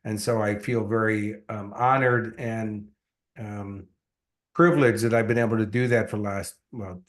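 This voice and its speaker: A man, a success coach and guest, telling his story in an earnest, animated way, with many fillers. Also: lowish voice, moderate pace. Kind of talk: casual interview storytelling.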